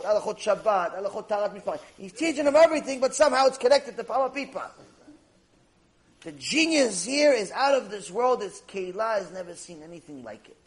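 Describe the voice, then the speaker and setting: A man teaching a lecture, telling a story in an animated way and acting out the characters' lines. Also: high-pitched, brisk, rough recording. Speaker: Torah teacher.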